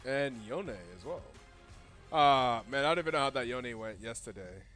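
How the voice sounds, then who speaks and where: Bright, animated male esports caster. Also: mid-range voice, normal speed, faint music behind. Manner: laughs often, animated storytelling. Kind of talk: esports commentary. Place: home.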